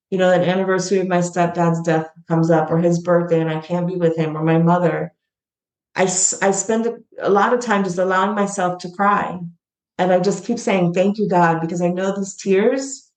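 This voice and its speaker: In a roomy-sounding recording, the middle-aged founder of a gratitude platform gives an interview full of heartfelt storytelling. She comes across earnest and emotional, her voice fairly low and a little mellow.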